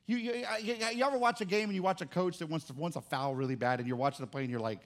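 A man's voice: on the high side, very fast. A man pastor preaching a sermon, emphatic and jokey, with rising exclamations.

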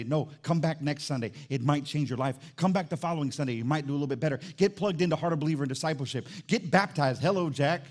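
A pastor preaching a lively, jokey sermon, shifting between quick asides and shouted high points. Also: male voice.

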